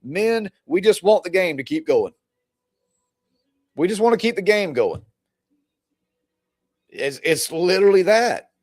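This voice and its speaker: A man's voice: sits high, lively intonation, measured pace, pauses often, darkish tone, no echo. A male relationship coach talking casually to his viewers, rambling and often laughing. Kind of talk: casual livestream talk to viewers.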